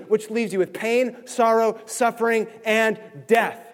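A man pastor preaching a sermon with passion, swinging from near-yelling to quiet intensity. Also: high voice, steady tone, a little slow, hardly any pauses, long reverb tail. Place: church sanctuary.

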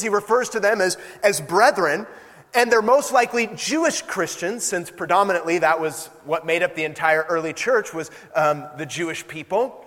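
A man's voice: sits high, a bit bright, big-room sound. A young adult man preaching a sermon in a conversational way, acting out quoted exchanges. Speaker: pastor.

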